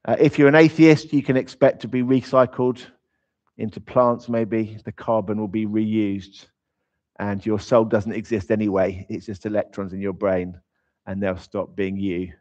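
A man's voice: on the low side, flat delivery, moderate pace, a little mellow. A man preaching in an informal, conversational way. He is emphatic and drops in humorous asides. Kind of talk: conversational sermon. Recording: slightly dull, lo-fi sound.

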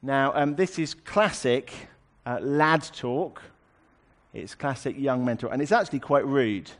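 A man's voice: mid-range voice, measured pace. A man preaching a sermon, explaining a scripture passage in a conversational way with wry asides.

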